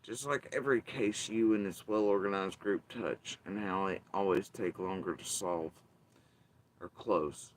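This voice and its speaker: A man's voice: low-pitched, a little slow, a little hiss or hum. Bitter, profane man ranting. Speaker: channel host. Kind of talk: angry ranting commentary.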